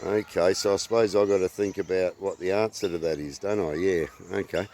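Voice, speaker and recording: An Australian man in his fifties hosting his channel in casual, halting talk full of fillers, recorded outdoors. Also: low-pitched, steady tone, darkish tone, a little hiss or hum. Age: 50s. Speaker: channel host.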